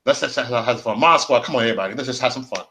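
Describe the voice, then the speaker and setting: A man riffing live to his chat. He circles back over the same phrases again and again, loose and slangy, with plenty of cursing. His pitch sits right in the middle for a man. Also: racing, sharp tone, slight background noise. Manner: rambling, repetitive, slangy and profane. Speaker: livestream host. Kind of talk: casual livestream rant.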